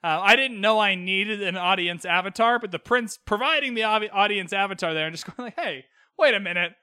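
A man's voice: high voice, sharp tone, clear, resonant tone, dry recording, clean studio sound. A young man from Canada recapping a show on his solo podcast, chatty and cheeky. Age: young adult. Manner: chatty and cheeky, quick quoted asides. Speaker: podcast host.

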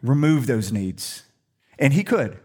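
A man's voice: medium pitch, very animated, takes it slowly, warm tone. Conversational middle-aged male preacher. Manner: humorous, conversational storytelling. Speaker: pastor. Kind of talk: sermon.

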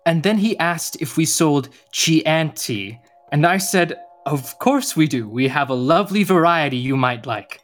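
A young actor playing a tired, gentle uncle in a radio drama, patient but quick to flare. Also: male voice, fairly high pitch, expressive, faint music behind. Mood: storytelling. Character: uncle Gio, weary, tender, short-tempered.

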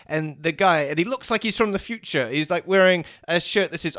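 A man's voice: on the high side, a little fast, hardly any pauses, fairly bright tone. A man co-hosting a comedic list of fake movie facts, rambling playfully through his made-up stories. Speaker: co-host.

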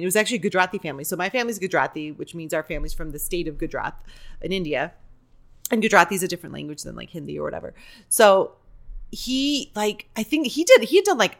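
A woman speaking as a podcast guest and improviser, telling candid, digressive stories with plenty of "like" and "you know". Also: mid-range voice. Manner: chatty, digressive, many fillers like "like" and "you know"; acts out quoted voices while telling stories. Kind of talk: candid conversational storytelling.

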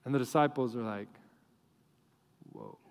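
High-voiced man preaching in an echoing hall. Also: normal speed. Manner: animated, joking storyteller. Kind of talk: sermon. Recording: long hall reverb.

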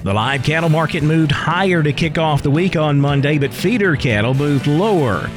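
A man anchoring a farm radio market report, reading prices in a brisk, steady way. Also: a little high, over music.

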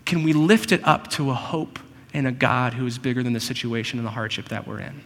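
A man preaching a sermon, earnest and personal, often slowing down to stress a point. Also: medium pitch, fairly even intonation, fairly bright tone, in a large hall. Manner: earnest, personal, slows for emphasis. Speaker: pastor.

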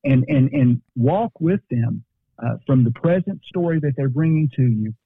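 A man's voice: medium pitch, lively intonation, normal speed, husky, no echo. A man talking as a guest counselor in a podcast conversation, earnest and repeating words as he gathers his thoughts. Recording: dry, tinny phone-like line.

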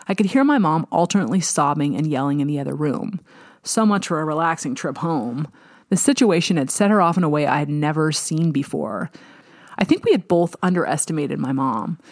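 A woman narrating a first-person novel in a measured, wry way. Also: deep voice, no room sound, studio quality. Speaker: audiobook narrator.

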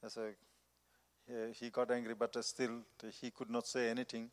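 Missionary preacher, man, earnest halting testimony, mid pitch, echoing hall. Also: monotone. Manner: earnest, halting non-native phrasing. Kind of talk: personal testimony. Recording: long reverb of a large hall.

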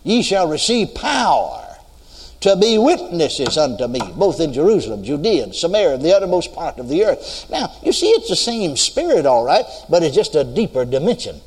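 A man's voice: on the high side, huge pitch swings, normal speed, a little mellow, breathy edge. An older man from the United States preaching a sermon, telling a story and asking the congregation if they are listening. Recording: long hall reverb.

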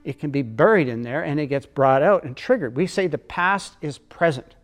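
A man's voice: fairly high pitch, normal speed, soft background music. A man explaining emotional memory and trauma, earnest and storytelling. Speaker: teacher.

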